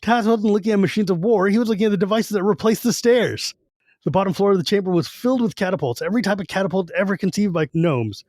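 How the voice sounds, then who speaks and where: Podcast co-host, male, slightly high voice, dry close mic, chatty retelling with offhand character asides. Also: darkish tone, no room sound. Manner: retells scenes loosely with quick put-on character quotes. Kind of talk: casual book-discussion podcast.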